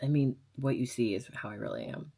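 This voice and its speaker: A woman's voice: extremely low pitch, brisk, vocal fry, mellow, husky. A woman in her twenties from Las Vegas, a radio DJ chatting casually as she answers viewer questions, blunt and sarcastic with fillers and laughs. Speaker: radio DJ and vlogger.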